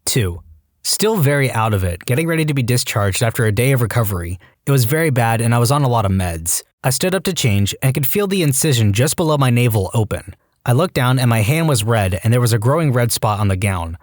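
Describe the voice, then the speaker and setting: A man reading online stories aloud as a narrator, with a deadpan comic delivery. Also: medium pitch, brisk, no room sound, clean studio sound. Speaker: story narrator.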